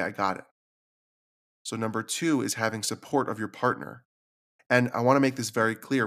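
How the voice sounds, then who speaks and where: On his own podcast, a man with a voice on the low side and a fairly bright tone opens up about his struggles. The reflective solo talk is earnest and confiding, and emotion occasionally leads him to repeat words.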